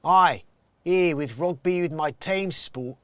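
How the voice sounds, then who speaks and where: A man's voice: on the high side, slow pace, no echo. A man voicing a boastful English rugby player turned footballer, in an exaggerated mock Cockney and Irish accent. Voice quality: exaggerated put-on brogue.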